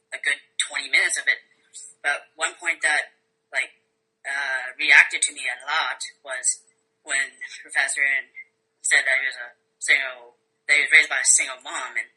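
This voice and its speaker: A young man calling in with a slow, meandering opinion on a debate. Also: a little high, bright, forceful tone, husky, low-quality recording. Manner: slow, meandering, filler-heavy. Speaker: caller.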